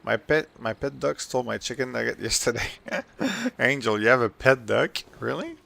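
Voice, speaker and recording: A man with a slightly sore throat, chatting casually with viewers while streaming a game, relaxed and full of fillers. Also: mid-range voice, normal speed, creaky. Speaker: streamer answering chat questions. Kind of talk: casual live-stream chat while gaming.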